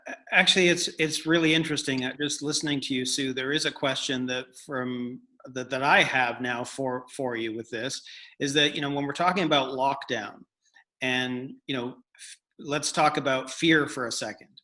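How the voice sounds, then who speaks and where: A man's voice: mid-range voice, steady tone, normal speed, pushed and bright. A man hosting a conversation, framing his questions with hesitant restarts. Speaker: host. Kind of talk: conversational interview.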